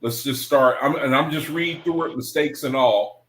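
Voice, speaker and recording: Man, livestream study host, mid-pitched voice, slow careful reading aloud, rereads lines, casual asides to viewers. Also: rough recording. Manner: reads aloud slowly, rereading passages and pausing to think; relaxed, informal talk with the audience.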